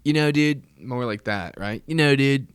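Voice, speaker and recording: A man's voice: medium pitch, moderate pace, clear, resonant tone, no room sound, clean studio sound, voice pushed up, lightly acted. A man putting on the voice of a laid-back young snowboarder bro, drawling with heavy slang. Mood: stoked.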